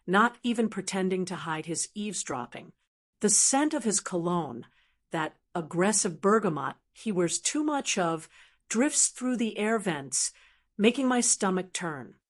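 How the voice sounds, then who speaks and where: A woman with a mid-pitched voice reads a scripted first-person story. Her narration is steady and measured throughout.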